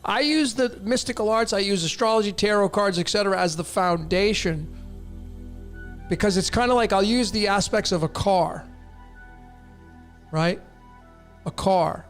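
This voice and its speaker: Male host, high-pitched, blunt, repeats for emphasis, soft music underneath. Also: moderate pace, long pauses. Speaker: host answering viewer questions. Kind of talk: casual live-stream talk.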